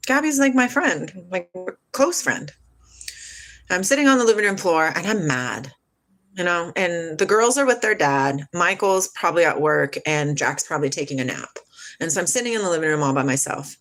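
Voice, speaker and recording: A woman's voice: on the low side, animated, normal speed, a bit bright. A woman telling a personal story to her live chat, rambling and emotional, swearing, losing her train of thought and starting over.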